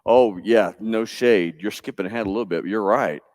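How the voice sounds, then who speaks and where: A man pastor, telling a Bible story to children in church with lively, playful asides. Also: on the low side, fairly quick, dry recording. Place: church sanctuary.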